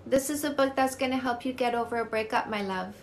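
High-voiced blunt Canadian dating coach. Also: female voice, fast talker, slight background noise. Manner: blunt, swears casually, upbeat. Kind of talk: live-stream Q&A, answering comments.

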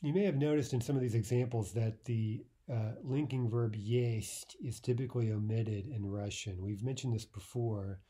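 A man's voice: mid-range voice, steady tone, moderate pace, hardly any pauses, warm tone, slightly rough. A man teaching a recorded language lesson, explaining patiently and often checking in with "right?" between points.

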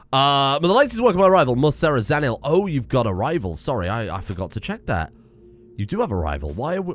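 A young man commenting on a strategy game he is playing, reading the game's text aloud with excitable, wry asides. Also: medium pitch. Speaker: gaming video host. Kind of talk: let's play commentary.

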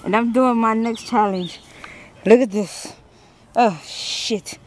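A woman's voice: a little high, slow pace. A winded woman vlogging outdoors on a treetop ropes course, exclaiming and laughing as she narrates with a handheld camera. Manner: exclaiming, laughing, swearing, narrating her own struggle. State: out of breath. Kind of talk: casual self-filmed vlog.

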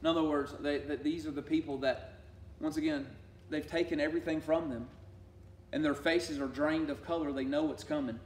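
A fairly high-voiced man leads an emphatic sermon-style Bible study, jumping from loud points to quiet asides. He is recorded from a distance in an echoey church sanctuary with a faint hum of room noise. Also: fairly even intonation, normal speed. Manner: emphatic, swings from loud declarations to hushed asides.

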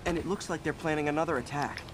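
A man's voice: fairly high pitch, steady tone, quick pace, background noise, close to an everyday voice. An actor playing a young male superhero in a video game, quippy and earnest. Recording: game dialogue over loud music.

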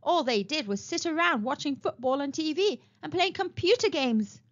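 Woman reading a children's book, high and lively voice, expressive storyteller. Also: normal speed, lo-fi sound. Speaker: storytime reader. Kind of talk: children's read-aloud narration.

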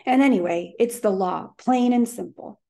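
A woman's voice: medium pitch, moderate pace, gravelly, dark tone, voice pushed up, lightly acted. Woman voicing a bossy city tax man. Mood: curt, bossy. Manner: bossy, clipped and authoritative. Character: brusque middle-aged male tax collector.

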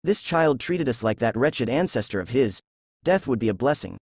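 A man's voice: medium pitch, big pitch swings, normal speed, a little mellow, slightly rough, no echo. A man voicing a scornful, snappish giant male fox beast in a read-aloud story, in a dry recording. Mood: disdainful. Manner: contemptuous, snappish.

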